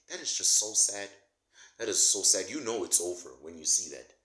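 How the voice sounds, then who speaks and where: Male commentator, mocking comedic rant, animated delivery, roomy sound. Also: fairly low pitch, moderate pace. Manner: sarcastic, mocking, laughs at his own jokes. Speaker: political commentator. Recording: roomy echo.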